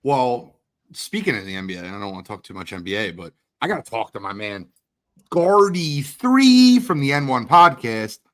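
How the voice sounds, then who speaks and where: Fired-up bright-voiced male host. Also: medium pitch, big pitch swings. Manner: hyped, rapid shoutouts to guests and viewers. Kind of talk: energetic livestream chat.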